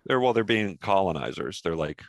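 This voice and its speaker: A man's voice: deep voice, sing-song, a little fast, creaky, no room sound, clean studio sound. A young man co-hosting a podcast, rambling and wisecracking through casual movie chat. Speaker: podcast co-host.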